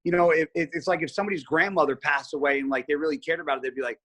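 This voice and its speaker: Man, slightly high voice, animated casual storytelling, swears a lot. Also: racing. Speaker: guest bodybuilder. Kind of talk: casual podcast chat.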